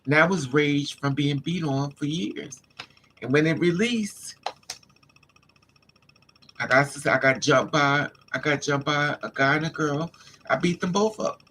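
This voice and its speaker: A man's voice: on the high side, measured pace, long pauses, bright, forceful tone, slight background noise. A man livestreaming, telling a candid personal story in an emphatic, casual way and calling his listeners honey and child. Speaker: livestream host.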